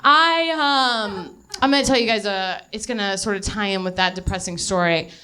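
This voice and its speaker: A woman's voice: mid-range voice, moderate pace, sharp tone, smooth. A young woman doing live stand-up, telling a rambling, self-mocking story full of swearing and laughter, a little out of breath. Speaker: stand-up comedian. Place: live comedy venue.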